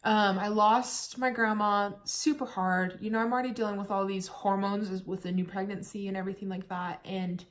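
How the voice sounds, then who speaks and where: A woman's voice: medium pitch, flat delivery, moderate pace, hardly any pauses. A young woman from the United States telling her own story in a candid, chatty vlog, at times holding back tears. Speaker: vlogger.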